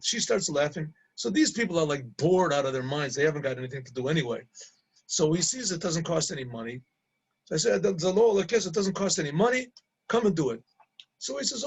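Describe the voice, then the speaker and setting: Gravelly halting male storyteller. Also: on the high side, expressive, rough recording. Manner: halting, repeats words, laughs at own story. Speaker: rabbi storyteller. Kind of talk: casual anecdote telling.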